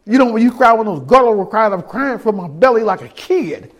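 A middle-aged man delivers his testimony as a sermon, acting out other people's voices as he tells his story and swinging between hushed and loud. His voice sits high, and he is animated and brisk.

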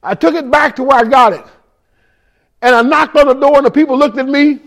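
A man in ministry giving a testimony sermon, telling his story in a raw, emotional, street-casual way, rising to shouts and speaking directly to the room. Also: very high-pitched, brisk, vocal fry. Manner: addresses listeners directly in the room.

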